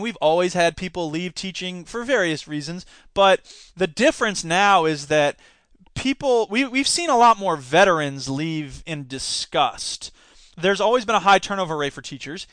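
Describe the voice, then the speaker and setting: A man hosting a podcast, giving opinionated solo commentary with animated rants and sarcastic asides. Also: fairly high pitch, clear, resonant tone, no echo. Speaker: podcast host.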